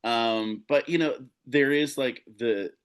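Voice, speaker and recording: A man appearing as a guest on a podcast, chatting casually and enthusiastically about being a sports fan. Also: medium pitch. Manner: enthusiastic, quick asides with laughs. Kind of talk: casual chat.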